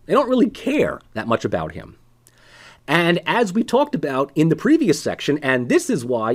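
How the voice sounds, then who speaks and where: A man giving a casual, conversational political science lecture with sarcastic asides. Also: a little high.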